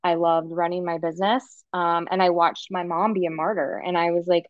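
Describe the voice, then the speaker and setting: A woman's voice: fairly low pitch, flat delivery, fairly quick, few pauses, dry recording, highs cut off. A woman in her thirties, a podcast guest, speaking candidly and emotionally in a rambling conversational way. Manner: frank, emotional, rambling with restarts.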